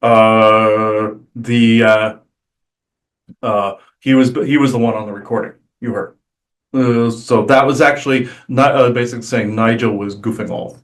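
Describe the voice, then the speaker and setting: A man's voice: mid-range voice, fairly even intonation, measured pace. Rambling man with constant "uh" fillers. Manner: hesitant, many "uh" fillers, rambling. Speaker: channeler on a spiritual podcast. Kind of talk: casual channeled talk.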